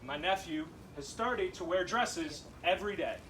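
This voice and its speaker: A young man from Massachusetts doing a stand-up set in a comedy club, animated and punchy, with laughing asides. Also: high voice, normal speed, recorded from a distance, slight background noise, rough recording.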